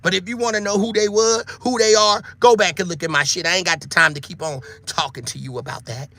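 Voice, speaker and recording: A man, preaching to his online viewers in a loose monologue, swearing freely and shouting for emphasis. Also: high-pitched, fairly even intonation, fast talker. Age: 50s. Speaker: online show host.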